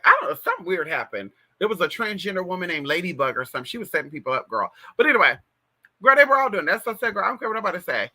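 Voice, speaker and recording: Through a plug-in mic on a casual livestream, a trans woman in her thirties from California gossips directly to her viewers with many "girl" and "y'all" asides. Her voice is fairly low in pitch with a sharp tone.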